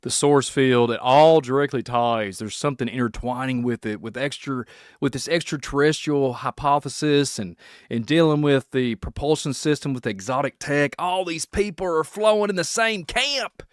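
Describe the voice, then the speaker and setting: A man from Kentucky with a Southern accent, hosting a rambling solo podcast, excitable and laughing often as he jumps between topics. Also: medium pitch, moderate pace, no echo, studio quality. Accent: Kentucky Southern American. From Kentucky, USA. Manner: excitable, laughing, puts on silly voices. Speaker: podcast host.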